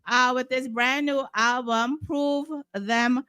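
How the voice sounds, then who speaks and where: A woman hosts a casual interview in a chatty, teasing way. Her voice is fairly high and bright. The sound is close and dry. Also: fairly even intonation, takes it slowly, smooth, no echo.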